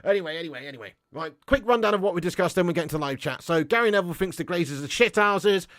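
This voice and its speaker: A young man hosts a football fan live stream, chatting casually in a slightly higher voice than most men. He is banterous and sweary and chuckles between points. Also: lively intonation, very fast, fairly bright tone. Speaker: fan channel host.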